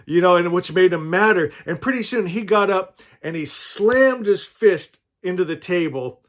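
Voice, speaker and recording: A man's voice: high-pitched, lively intonation, normal speed, fairly bright tone. A man giving an informal, earnest sermon, rambling through personal stories with frequent restarts and asides to his listeners. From California, USA. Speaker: spiritual teacher.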